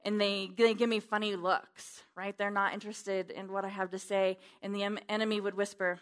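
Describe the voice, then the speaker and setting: A woman preaching a sermon in a church, fervent and emphatic, swinging between loud declarations and hushed asides. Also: mid-range voice, level tone, brisk, few pauses.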